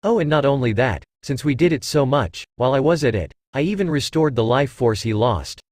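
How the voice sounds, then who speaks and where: A man's voice: medium pitch, lively intonation, a little fast, a little mellow, dry recording, studio quality, lightly acted. A man voicing a playful, flirtatious female cat-demon who teases and purrs. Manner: purring, teasing.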